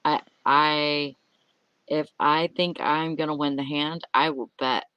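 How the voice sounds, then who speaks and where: Female co-host, quick teasing interjections, dry close recording. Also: deep voice, steady tone, clear, resonant tone, no echo, muffled recording. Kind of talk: casual chat.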